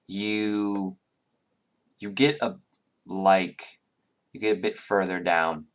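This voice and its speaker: A man narrating a tabletop game as dungeon master, halting with many ums and restarts. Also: low voice, fairly even intonation.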